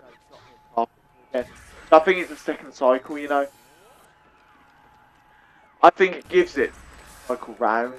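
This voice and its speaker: A young man with an English accent giving chatty, self-deprecating live commentary over a headset mic while he plays a shooter. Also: a little high. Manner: chatty, self-deprecating, talks to viewers as "guys". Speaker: gaming YouTuber.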